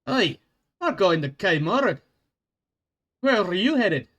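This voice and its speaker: A boisterous dwarf bounty hunter with a put-on Scottish accent, swearing freely and pleased with himself, as a man puts him on. The voice sits high and pushed, bright and loud. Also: sing-song, slow pace, exaggerated voice. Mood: cheerful. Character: gruff male dwarf bounty hunter, crude and cocky.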